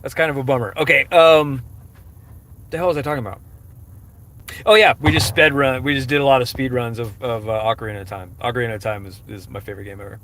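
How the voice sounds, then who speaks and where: A man's voice: mid-range voice, fairly even intonation, fast, a bit bright, a little hiss or hum. A man chatting on a casual live stream, rambling and self-mocking, with lots of fillers and restarts. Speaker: livestreamer answering chat questions.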